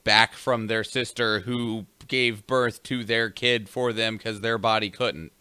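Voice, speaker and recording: A man's voice: fairly low pitch, steady tone, slow, bright, forceful tone, clean tone, dry recording. A young man co-hosting a podcast, chatting casually about news stories in a laid-back way. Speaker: podcast co-host reading news.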